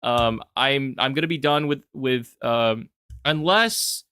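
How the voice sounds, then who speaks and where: A young man talking casually about his own video as a commentator, animated and rambling, with frequent restarts. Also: mid-range voice, slow pace, clean tone, no echo, studio quality. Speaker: YouTube commentator.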